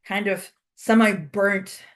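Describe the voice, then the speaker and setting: A woman's voice: medium pitch, fairly even intonation, slow. A woman instructor telling a traditional story in a casual, chatty lecture.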